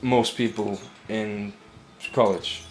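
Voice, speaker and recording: A man's voice: fairly low pitch, fairly even intonation, soft background music. Rambling young male gamer, casual. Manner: rambling, halting restarts. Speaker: let's play host. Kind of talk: casual gaming chat.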